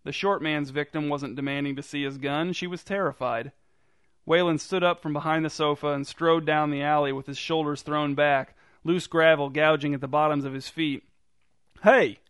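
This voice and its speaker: A man reading a story aloud in a dry, deadpan narrating manner. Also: fairly high pitch, normal speed, smooth, no echo. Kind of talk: scripted narration.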